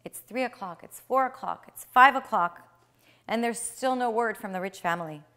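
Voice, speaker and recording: A woman retelling a traditional tale aloud, with swings in loudness and slowed, dramatic phrases. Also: on the high side. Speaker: storyteller.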